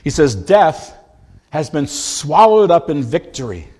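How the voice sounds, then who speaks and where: A man preaching a sermon, leaning hard on key words and stretching them out slowly for emphasis. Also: a little high, very animated, a little mellow, husky. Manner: slow, emphatic delivery, drawing out key words.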